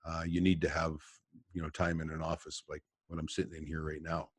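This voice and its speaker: A man's voice: rumbling low, completely flat delivery, a little fast, dry recording. A man, a trapper guest on a podcast, telling rambling stories from his office and chuckling often. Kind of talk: casual podcast chat.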